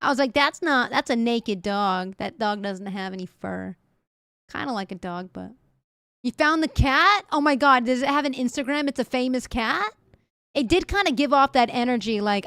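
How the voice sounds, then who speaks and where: Young woman streamer, casual joking reactions, slightly high pitch, dry mic. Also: normal speed, fairly bright tone, no echo. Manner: chatty, jokey, laughs often, talks to chat. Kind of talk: casual chat reacting to news clips.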